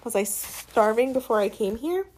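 A glum, unbothered runaway boy, as a woman narrator puts him on. He answers in a flat, low-key, dry way, a touch lower than her narrating voice. An audiobook character read aloud. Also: normal speed.

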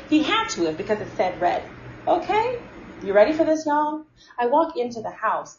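A woman telling a story to a live audience in a casual, animated and exasperated way, talking straight to her viewers. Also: a little high, reverberant, highs cut off, slight background noise. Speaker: live stream host.

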